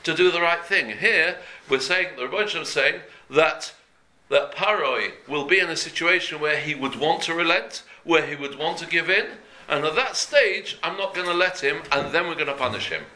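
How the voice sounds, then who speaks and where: A man's voice: fairly high pitch, moderate pace, bright, forceful tone. A man teaching a daily Jewish law class in an earnest, conversational way, repeating and rephrasing each point as he explains it. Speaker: Torah teacher. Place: room before a talk.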